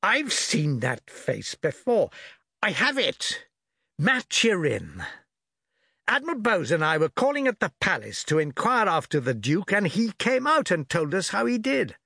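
A man's voice: high-pitched, huge pitch swings, unhurried, vocal fry, pushed and bright, husky, no echo, studio quality, voice pushed up, heavily acted. A man voicing a hearty, blustering older naval admiral who talks in exclamations. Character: bluff hearty older male port admiral.

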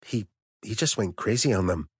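A man voicing a small, older male shopkeeper in an audiobook, calm and matter-of-fact. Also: lowish voice, moderate pace, breathy edge, dry recording, studio quality.

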